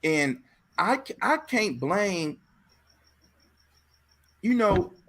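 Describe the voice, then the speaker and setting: A man hosting a casual talk show, telling stories in an animated way, repeating phrases and acting out voices. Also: high voice, drawn-out words. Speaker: podcast host. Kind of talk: casual chat.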